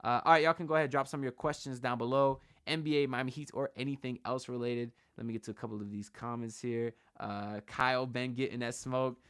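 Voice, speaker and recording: Speaking fast with few pauses, a medium-pitched man with a steady, slightly bright and clean tone hosts a sports channel livestream, chatting to viewers in a hyped, slangy, loose manner. The recording is dry and studio quality, made with an on-camera shotgun mic.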